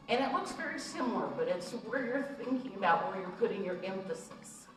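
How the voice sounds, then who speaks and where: A woman's voice: mid-range voice, animated, brisk, hardly any pauses, faint music behind. A woman fitness instructor teaching a belly-dance workout, counting out moves and cueing steps as she demonstrates, with jokey asides. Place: recreation center room. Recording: very echoey room, voice from far off.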